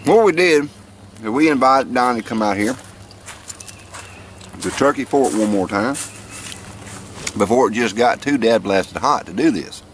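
A man's voice: mid-range voice, lively intonation, a little slow, pauses often, slight background noise. A man, filming a campout and presenting the food to camera in a folksy, joking way. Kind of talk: casual show-and-tell narration to camera. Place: outdoor campsite.

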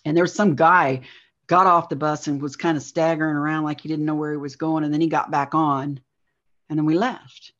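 A woman's voice: deep voice, steady tone, a bit bright. Woman telling her story over dull lo-fi audio. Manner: halting storytelling with frequent "like". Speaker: guest. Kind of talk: recounting a personal experience.

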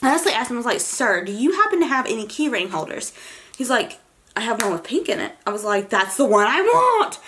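A woman's voice: on the high side, quick pace, slight background noise. Gushing young woman rattling through a haul. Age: young adult. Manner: gushing, excited, rambling with many likes and fillers. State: college freshman. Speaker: beauty vlogger. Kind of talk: casual haul vlog.

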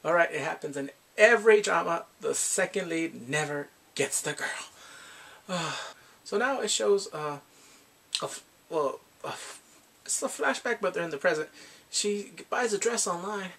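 A man gives a casual spoken drama review, animatedly retelling scenes and acting out the characters' lines. His voice sits high and sounds gravelly, and he keeps a moderate pace.

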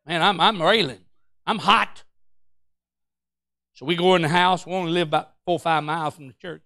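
A preacher man tells a story from the pulpit, his voice high and bright. He acts out every quote with big swings, breaking off to call out to his church. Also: brisk, creaky, pauses often, no room sound, clean studio sound. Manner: animated, acts out quotes, Pentecostal call-outs. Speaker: pastor. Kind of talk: storytelling sermon.

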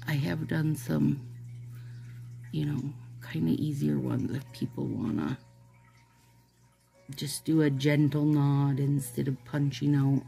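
A woman with a low, gravelly voice talks her viewers through a manicure in a loose, rambling chat. Her tone is dark and mellow, her pace unhurried, and she keeps turning to them with a chummy "you guys." Soft music plays faintly behind her. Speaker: nail art vlogger. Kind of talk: casual chat while doing a manicure.

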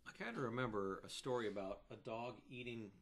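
A man's voice: medium pitch, brisk, slight background noise. A man interviewing casually, prompting his guest with stories he remembers. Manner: relaxed, prompting with recalled stories.

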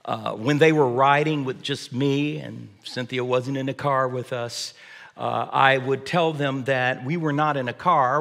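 A middle-aged pastor preaches with an easygoing, humorous storytelling manner, often pausing on "uh" and "um." His voice sits at an ordinary middle pitch. A long reverb from the church hall trails his words. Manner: warm, humorous storytelling with frequent fillers. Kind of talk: sermon with storytelling. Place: church sanctuary.

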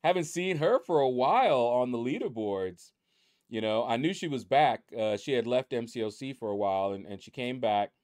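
A man's voice: mid-range voice, animated, moderate pace, darkish tone, no room sound. A man hosting his mobile game channel, chatting in a rambling, easygoing way from a room at home. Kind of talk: casual chat over game leaderboards.

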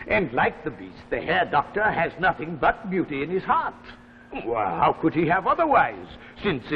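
An actor playing a genial, chuckling retired old professor with failing eyesight, in a live 1950s TV drama. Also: male voice, a little high, a little hiss or hum. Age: older. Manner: chuckling, theatrical, musing. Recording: dull 1950s TV audio in a reverberant set.

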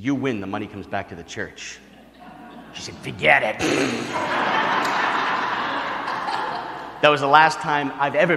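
A middle-aged male priest tells stories at a retreat, acting out the people in them with lively, playful voices. His voice sits in an ordinary middle register. It carries the long reverb of a large church. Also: mid-range voice, a little hiss or hum. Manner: animated storyteller, acts out voices. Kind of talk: retreat talk with storytelling.

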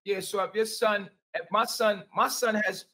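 High, bright man talking from afar. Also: fairly even intonation, moderate pace, distant mic, low-quality recording. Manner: rambling, repeats himself, defensive. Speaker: interview guest. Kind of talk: defensive conversation on a call.

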